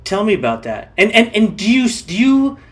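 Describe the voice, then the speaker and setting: Brief: male host, fairly high voice, stumbles through questions. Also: big pitch swings. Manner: halting, repeats words while asking. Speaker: interview host. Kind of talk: casual interview.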